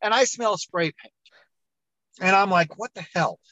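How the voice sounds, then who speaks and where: A middle-aged man, an entrepreneur guest on an interview show, telling his story with lively acted-out dialogue. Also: high voice, a little slow, a loud crowd, poor audio. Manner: animated storyteller, acts out quoted dialogue.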